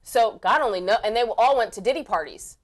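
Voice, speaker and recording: A woman co-hosting a talk show, bantering playfully and quick to laugh. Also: a little high, expressive. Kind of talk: casual chat.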